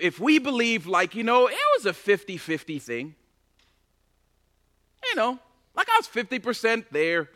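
A man preaching a sermon as pastor, impassioned and building to loud, emphatic bursts. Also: high-pitched.

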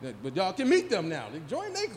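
His pitch sits high and swoops wildly, and he talks at a quick pace, a man in his forties riffing with the crowd through a loose, profane stand-up set. He's on a handheld mic in a live comedy room. Reverb from the space and faint crowd noise are audible.

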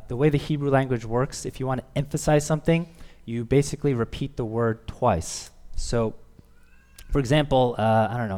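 A pastor preaching a sermon earnestly, rising to emphatic swells and dropping to quiet, soft lines. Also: male voice, medium pitch. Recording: long hall reverb.

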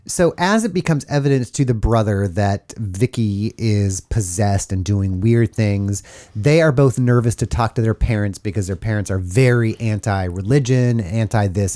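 A man's voice: fairly low pitch, moderate pace. Joking man recapping a horror film. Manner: animated, joking, acts out characters. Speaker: podcast host. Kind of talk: casual film discussion.

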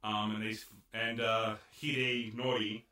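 A man's voice: fairly low pitch, little pitch movement, a little slow, sharp tone, a little hiss or hum. A young man casually and animatedly recapping an anime episode, laughing and telling it like a story. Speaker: podcast co-host. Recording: roomy echo, far from mic.

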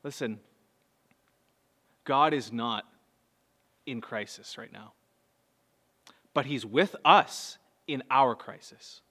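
A man, preaching a sermon earnestly, moving between soft low passages and raised, urgent bursts. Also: slow, pauses often. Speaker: pastor. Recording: long hall reverb.

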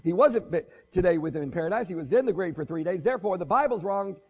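A man's voice: a little high, animated, fast, breathy edge, muffled recording. A man preaching a casual, conversational sermon, joking and thinking aloud as he goes.

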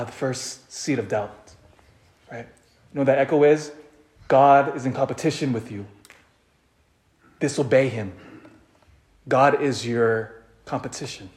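Speaking at an ordinary middle pitch, a male preacher tells a story dramatically during a sermon, falling almost silent before building up loud. He moves at a measured pace with long pauses, and his voice echoes around the room.

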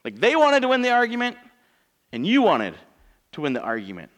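A man's voice: high voice, huge pitch swings, fairly quick. A man in his thirties, a pastor preaching a sermon in church in a conversational, joking way, asking his congregation rhetorical questions.

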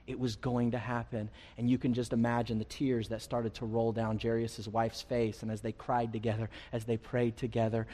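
A man's voice: medium pitch, mellow. A man preaching a sermon as pastor, earnest and building intensity through repeated phrases, in a church. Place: church sanctuary. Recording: long hall reverb.

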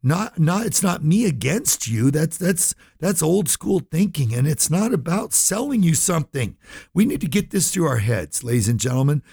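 Gravelly, impassioned radio host man. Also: on the high side, sing-song, normal speed, darkish tone, no echo, studio quality. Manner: earnest, impassioned, repetitive restarts. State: choked up, near tears. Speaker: radio talk show host. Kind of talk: emotional radio talk, addressing listeners.

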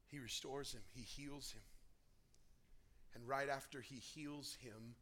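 A man preaching a sermon, dramatic, dropping to near whispers and rising to shouts. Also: medium pitch, steady tone, takes it slowly. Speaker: pastor.

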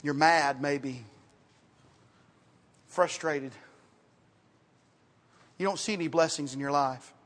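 A man preaching a sermon as pastor, in a conversational style, repeating words and dropping to quiet asides. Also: a little high, slow pace, long pauses. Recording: reverberant hall, sometimes off mic.

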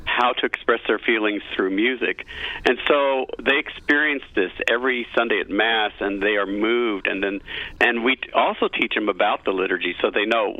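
Man, middle-aged, low voice, tinny dry phone line, earnest choir director. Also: no room sound. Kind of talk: radio interview guest.

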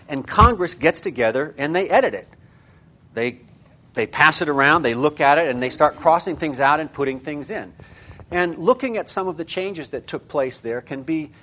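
A man's voice: medium pitch, fairly bright tone. A male lecturer speaking in a middle register to a class of teachers. He thinks aloud, circling through fillers and restarts before stressing his key terms with punchy emphasis. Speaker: seminar lecturer.

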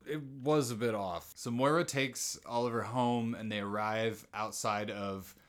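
A man co-hosting a podcast, casually walking through a TV episode's plot in a relaxed storytelling way. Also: mid-range voice, a little slow. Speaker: podcast co-host. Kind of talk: casual TV episode recap chat.

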